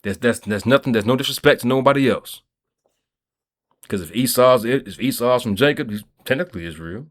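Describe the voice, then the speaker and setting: This mid-range, fairly quick voice belongs to a male vlogger from Kentucky. Streetwise and profane, he wanders through a monologue, repeatedly asking his audience "you feel me" to keep them with him.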